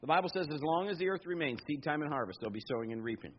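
A middle-aged man pastor preaching a sermon, telling personal stories with animated asides and quoted voices. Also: a little high, rapid-fire, husky. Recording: dull lo-fi sound.

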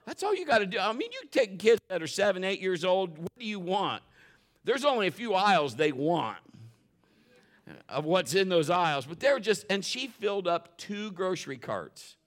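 A middle-aged male pastor preaching a sermon, telling a story emphatically, with swings from loud exclaims to hushed asides. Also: sits high, very animated, moderate pace.

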